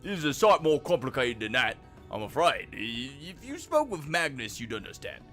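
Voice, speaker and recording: A streamer reads game dialogue, voicing a chatty male miner obsessed with trolleys in a put-on Cockney accent. His medium-pitched voice moves at normal speed with a lively, hearty storybook delivery, and faint music plays behind.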